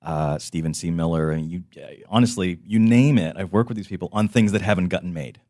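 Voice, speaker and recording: Low-voiced man, podcast guest, rambling, close dry sound. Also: brisk, dry recording. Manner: rambling, trailing off into quiet asides. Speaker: guest screenwriter. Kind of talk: casual podcast chat.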